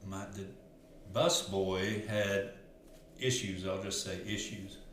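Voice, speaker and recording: Male life coach, lowish voice, earnest and rambling, very echoey room with faint hiss. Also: little pitch movement, slow pace, fairly bright tone. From Arkansas. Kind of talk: casual storytelling monologue.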